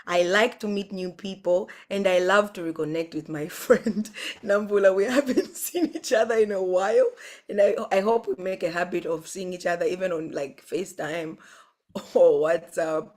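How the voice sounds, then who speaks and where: A woman's voice: fairly low pitch, moderate pace, darkish tone. A woman from Zambia, a guest singer chatting earnestly on a video call, with nervous giggles. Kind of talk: casual chat on a video call.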